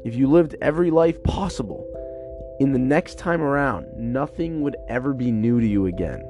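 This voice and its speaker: Stuffed up twenty-something guy rambling on his podcast, warm mellow voice, soft music in the back. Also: mid-range voice, moderate pace. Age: 20s. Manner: rambling, loose and chatty. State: stuffed up with a cold. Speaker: podcast host. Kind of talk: casual solo podcast musing.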